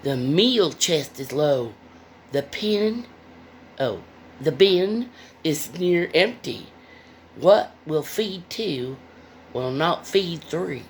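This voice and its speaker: A woman's voice: deep voice, lively intonation, drawn-out words, pauses often, a little hiss or hum, heavily acted. A woman reading aloud as a worried, fretful old farm wife in a storybook.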